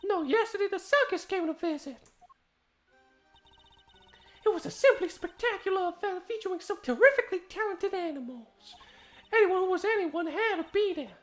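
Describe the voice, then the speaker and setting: A man's voice: extremely high pitch, voice pushed up. A man voicing a flamboyant, pompous woman prison warden in a game dub, with a sugary, theatrical delivery. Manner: grand, sugary, pompous delivery with fake airs.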